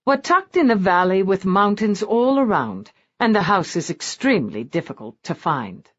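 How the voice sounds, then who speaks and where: A man's voice: high-pitched, big pitch swings, normal speed, a bit bright, exaggerated voice. A woman reading the part of a brooding, silken-voiced lord with a bad leg, dry and mocking in tone, on a dull lo-fi recording.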